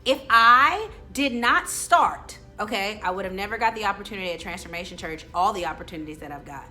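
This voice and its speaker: A young woman vlogger telling a story in a chatty, animated way with casual slang, then giving motivational advice. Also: medium pitch, a little fast, soft background music.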